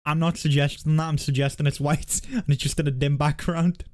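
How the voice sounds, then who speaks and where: A man's voice: on the high side, little pitch movement, fairly quick, darkish tone, dry recording, studio quality. A man hosting a podcast, laid-back and teasing in casual chat. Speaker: podcast host.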